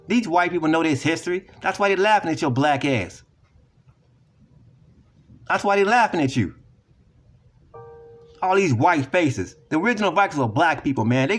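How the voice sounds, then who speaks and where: A man's voice: a little high, fairly bright tone. A man ranting in a video commentary, profane and repetitive as he lectures emphatically. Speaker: online commentator.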